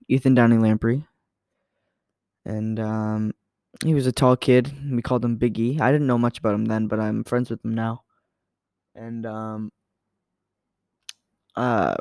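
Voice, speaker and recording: A man's voice: medium pitch, darkish tone, no echo, studio quality. A young man hosting a podcast, telling stories in a rambling, casual way with lots of fillers and self-corrections. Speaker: podcast host. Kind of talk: casual storytelling monologue.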